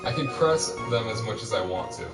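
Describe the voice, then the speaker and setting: A man's voice: lowish voice, animated, fairly quick. A man hosting a gaming video, talking through the game casually and hesitantly, with many fillers. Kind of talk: casual gameplay commentary. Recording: roomy, distant mic, loud music behind.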